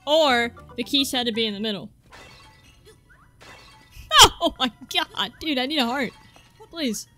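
A young woman commentating her own game playthrough, excitable and swearing freely, reading the on-screen text aloud. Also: on the high side, unhurried, long pauses. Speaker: gaming channel host. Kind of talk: let's-play commentary. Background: faint game music.

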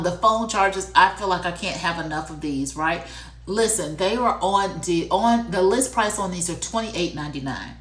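A woman hosts a live shopping stream in a casual, chatty way, calling viewers "y'all" and repeating lines for emphasis. Her voice sits a little low and has a hint of a frog in her throat. The room gives it a noticeable echo. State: coughing and clearing throat. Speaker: livestream shopping host. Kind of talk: casual live-selling chat.

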